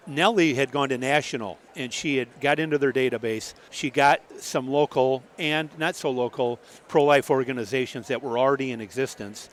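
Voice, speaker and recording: A man's voice: mid-range voice, moderate pace, hardly any pauses. A man on a radio talk show, telling a long story and acting out the people he quotes. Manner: lively storyteller, acts out the voices he quotes. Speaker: radio guest.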